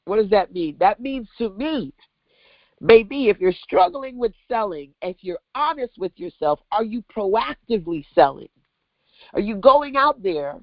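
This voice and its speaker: A woman from Brooklyn hosting an online business workshop, coaching with animated, emphatic rhetorical questions over a video call mic. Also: medium pitch, no room sound, highs cut off. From Brooklyn, New York.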